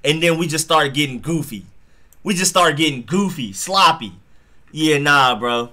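A young man hosts a live football stream, chatting casually in slang as he reacts to plays and chat messages. His mid-range voice is bright and forceful, at a moderate pace.

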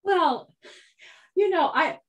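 A woman's voice: very high voice, animated, takes it slowly. A woman, a game voice actress, speaking wryly in a casual panel chat.

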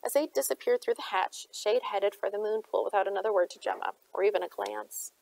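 A woman narrates a novel at an even storytelling clip, her voice showing some vocal fry at mid pitch. The recording is dry and close, with no room sound. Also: a little fast, no echo, poor audio. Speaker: audiobook reader. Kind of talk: reading a novel aloud.

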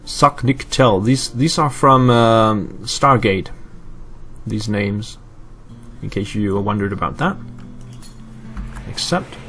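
A man's voice: lowish voice, slow pace, pauses often, a bit bright, soft background music. A man from Europe casually commenting on his gameplay, thinking aloud with fillers and answering live chat. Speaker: let's play host.

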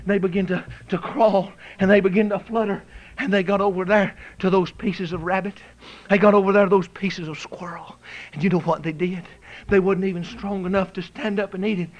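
A male preacher delivers a revival sermon, fervent and swinging from hushed storytelling to shouted exhortation. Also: high voice, rough recording.

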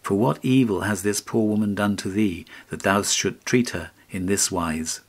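An actor reading an audiobook, voicing an old woodcutter who speaks in a grave, rebuking way. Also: male voice, on the low side, moderate pace, husky. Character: stern, kindly old woodcutter.

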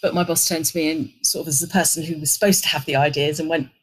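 Woman, middle-aged, fairly low pitch, animated storyteller, interview guest. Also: fast talker, husky, low-quality recording. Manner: animated anecdote, acting out quoted lines. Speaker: interview guest, agency executive. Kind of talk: conversational storytelling.

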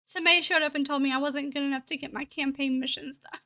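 A young woman live-streaming a game, chatting to viewers and talking excitedly, often laughing. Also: high-pitched, fast, hardly any pauses. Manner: excited, laughing, breathless with joy. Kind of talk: live-streamed gameplay chat.

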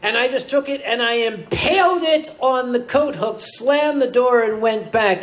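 A man's voice: very high-pitched, normal speed, fairly bright tone, low-quality recording. A man on a live convention comedy panel, telling a rambling, hesitant, self-mocking anecdote. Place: convention panel room with audience.

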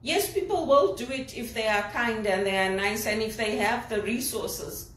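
A woman's voice: fairly high pitch, normal speed, fairly bright tone. Indignant woman from Zimbabwe, roomy and distant. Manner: indignant, emphatic complaining. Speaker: executive assistant. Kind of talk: personal vlog monologue.

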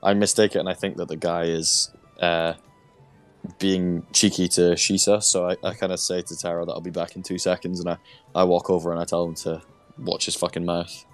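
A man playing a tabletop game, speaking haltingly with many fillers. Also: low-pitched, little pitch movement, faint music behind. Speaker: player. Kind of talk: tabletop role-play.

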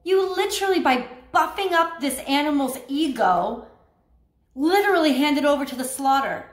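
A woman with a high voice talks through a tarot reading in a loose, chatty way. She is animated and laughs often. The sound has a roomy echo. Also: moderate pace. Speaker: tarot reader. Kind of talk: casual spoken tarot reading.

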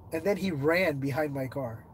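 A man's voice: unhurried, a little hiss or hum. Congested man chatting on a livestream. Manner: reads viewer comments aloud and answers them; animated storytelling, rising in pitch when excited. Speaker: livestreaming explorer. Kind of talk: casual livestream chat.

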